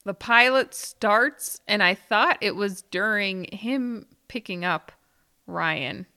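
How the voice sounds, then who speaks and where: A woman's voice: mid-range voice, slow pace, sharp tone, no room sound, clean studio sound. A woman co-hosting a casual podcast as a quiz contestant, giggling often and thinking aloud. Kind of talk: casual chat.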